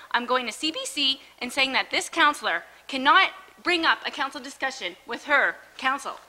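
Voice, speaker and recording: A woman's voice: sits high, expressive, normal speed, few pauses, bright, forceful tone. A woman town councillor raising a point of order in a council meeting, firm and insistent.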